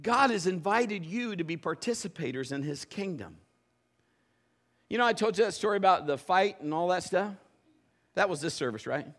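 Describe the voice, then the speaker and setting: A middle-aged man, a pastor, preaching a conversational sermon and telling stories in an animated way. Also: high voice, moderate pace. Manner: animated, conversational, acts out quoted voices. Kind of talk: storytelling sermon.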